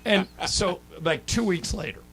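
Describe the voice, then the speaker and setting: A man hosting a sports radio show, telling anecdotes in a casual, animated way into a studio microphone. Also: high-pitched, measured pace, husky. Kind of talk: casual sports talk storytelling.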